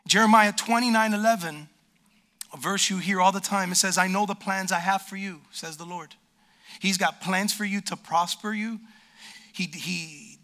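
A man preaching a sermon to a church congregation, animated and lively, acting out the voices of complainers. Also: high-pitched. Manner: animated, acts out quoted complainers. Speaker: pastor. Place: church sanctuary.

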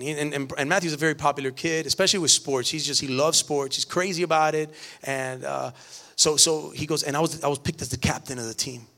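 A middle-aged pastor with a notably high voice delivers a sermon. He speaks earnestly, repeating words as he builds toward emphatic points. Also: gravelly, fairly bright tone. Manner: earnest, repetitive restarts, rising emphatic preaching.

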